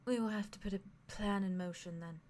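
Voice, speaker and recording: A woman voicing a soft-spoken, angry female elder in a tabletop game, talking very softly. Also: medium pitch, fairly even intonation, fairly quick, slight background noise, close to an everyday voice. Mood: quietly bitter. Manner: speaks very softly.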